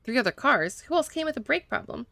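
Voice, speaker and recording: A woman's voice: sits high, lively intonation, fast talker, creaky, sharp tone, no room sound, voice pushed up, exaggerated voice. A woman voicing a persistent male detective who asks blunt questions. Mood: probing.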